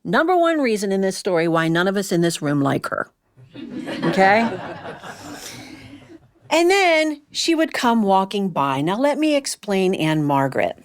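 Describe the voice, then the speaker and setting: A woman's voice: mid-range voice, sing-song, measured pace, pauses often. A woman storyteller speaking to a live audience in a humorous, chatty way, teasing her listeners.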